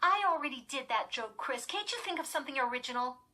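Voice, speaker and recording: A woman's voice: high-pitched, expressive, fast talker, pushed and bright, voice pushed up. A woman doing a sarcastic, mocking young girl. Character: sarcastic twelve-year-old twin sister.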